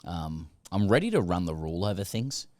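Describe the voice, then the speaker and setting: Deep, halting man. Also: sing-song, darkish tone, dry recording, clean studio sound. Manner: halting, filler-heavy, mock-grandiose. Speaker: co-host. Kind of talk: casual podcast chat.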